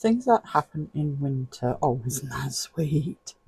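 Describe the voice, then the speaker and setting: A relaxed man talks slowly in a low-key, mellow voice that carries a husky, gravelly grain. He leafs through pages as he chats directly to the viewer and chuckles often. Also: low-quality recording. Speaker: vlogger. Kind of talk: casual flip-through commentary.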